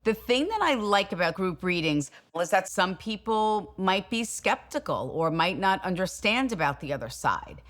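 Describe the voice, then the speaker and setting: A woman's voice: medium pitch, very animated, normal speed, hardly any pauses, a bit bright. A middle-aged woman, a psychic medium addressing a live audience in a chatty, emphatic way. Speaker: psychic medium leading a group reading.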